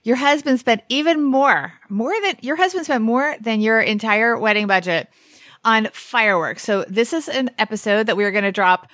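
A woman's voice: a little high, moderate pace, a bit bright, no echo. A woman hosting a podcast, upbeat and prompting her guest with questions. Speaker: podcast host. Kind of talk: interviewing a guest. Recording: dry close mic.

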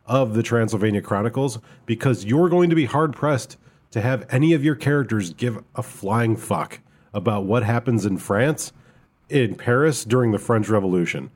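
A man's voice: mid-range voice, animated, normal speed, darkish tone, slightly rough. A man co-hosting a casual podcast review of a tabletop game book, talking in a rambling, hesitant way with lots of fillers. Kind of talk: casual chat.

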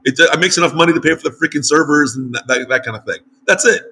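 Speaking from his home in northern Mexico, a New York-born American who is a show host and site publisher runs a casual interview. His voice is fairly high, quick, and slightly rough, and he tells animated stories full of restarts and quoted dialogue.

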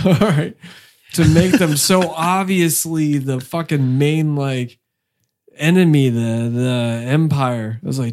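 A man co-hosting a casual movie review podcast, joking crudely and telling animated stories between laughs. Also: a little high, measured pace. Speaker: podcast co-host.

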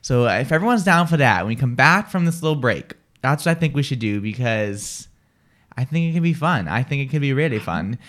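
A woman's voice: a bass voice, animated, a little fast. A woman hosting a radio chat show, rambling and giggly, talking about her night out. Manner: rambling, giggly, playful, slips into silly voices. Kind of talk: casual chat.

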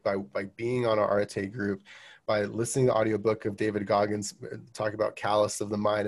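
A man in his thirties, a roofing business owner, talking as a guest in a casual podcast interview, full of restarts and fillers. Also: on the low side. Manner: halting, many restarts and fillers.

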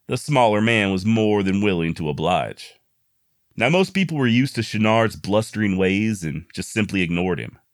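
Low-voiced folksy storyteller man. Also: no room sound, clean studio sound. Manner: wry, joking asides, folksy slang. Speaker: history storyteller, host.

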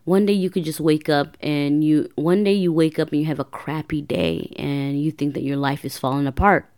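A woman's voice: low voice, steady tone, normal speed, darkish tone. A woman hosting a podcast, telling her life story in a casual, rambling way that corrects itself as she goes. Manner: rambling, self-correcting, chatty. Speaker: podcast host.

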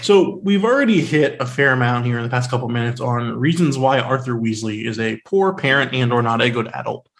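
Sarcastic, animated man chatting about films. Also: medium pitch, fairly quick, hardly any pauses. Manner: sarcastic, animated, full of fillers. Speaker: podcast co-host. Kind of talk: casual film discussion.

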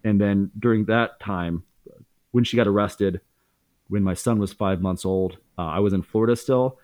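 A man's voice: lowish voice, moderate pace, a little mellow, dry recording. A man in his thirties as a podcast guest, candidly telling a story in casual speech, swearing freely with many fillers and restarts.

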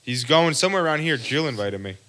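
A young man co-hosting a podcast, relaxed and teasing, swearing a lot. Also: on the high side, fast talker. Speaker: podcast co-host. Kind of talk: casual chat.

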